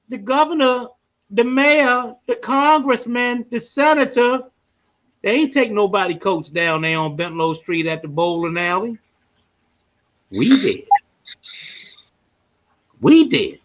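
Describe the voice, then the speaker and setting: A man hosting a live podcast, telling stories in an animated way that climbs into emphatic shouts. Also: very high voice, highs cut off. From Baltimore. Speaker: podcast host. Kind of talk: live storytelling monologue.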